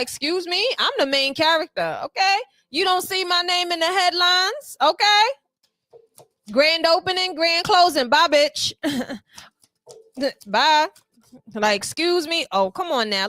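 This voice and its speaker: A woman's voice: high voice, sharp tone, dry recording. A woman giving a tarot reading to her viewers, sassy and playful, full of slang and little acted-out quotes. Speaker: tarot reader.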